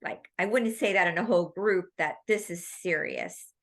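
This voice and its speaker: A woman with a bright, forceful voice and a slightly low pitch tells stories as an interview guest. Her talk is casual and rambling, with many asides. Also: normal speed. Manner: animated, rambling storytelling. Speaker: guest, medical intuitive medium.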